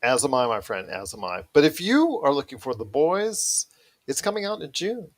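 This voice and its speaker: A man's voice: medium pitch, very animated, moderate pace. A man hosting a podcast, chatting casually and enthusiastically, often repeating himself. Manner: enthusiastic, repetitive. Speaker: podcast host. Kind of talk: casual chat.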